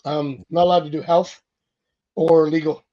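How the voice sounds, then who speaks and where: A man's voice: on the high side, level tone, moderate pace, warm tone, muffled recording. A man talking as a psychic tarot reader in a casual interview, rambling along and acting out the lines of the people he quotes. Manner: rambling, acts out quoted dialogue.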